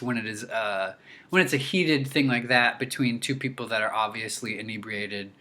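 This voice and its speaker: A young man telling a story to his viewers in a casual, animated way, full of restarts, his voice leaping up when he quotes himself. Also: medium pitch. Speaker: vlogger.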